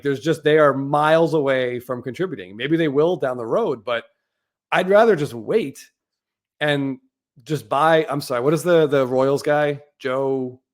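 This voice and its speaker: A man co-hosting a podcast, talking casually and bluntly, often saying "like". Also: on the high side. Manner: blunt, hedging with frequent "like". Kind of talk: casual chat.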